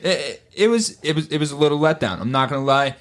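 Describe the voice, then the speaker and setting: A man's voice: on the high side, quick pace, fairly bright tone. A man hosting a casual sports podcast, talking animatedly and swearing, and acting out other people in exaggerated voices. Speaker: podcast host. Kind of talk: casual chat.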